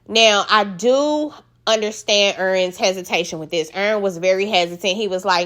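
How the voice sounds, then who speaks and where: A woman giving a casual, profane recap of a reality show, blunt and animated, acting out the people she talks about. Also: medium pitch, normal speed. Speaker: recap host.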